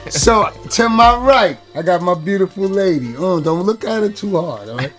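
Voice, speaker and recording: A boastful, joking man hosts a relaxed chat. His voice sits a touch higher than most men's, and faint music plays underneath. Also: normal speed. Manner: joking, boastful, peppers speech with "you know what I'm saying". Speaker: podcast host. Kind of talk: casual chat.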